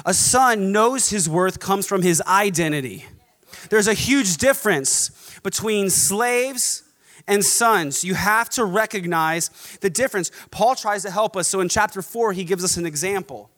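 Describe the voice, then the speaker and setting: Guy preaching a sermon, high voice, punchy repeated lines, long hall echo. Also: a little slow, fairly bright tone. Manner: emphatic, rhythmic preaching with repeated contrasts. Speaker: pastor.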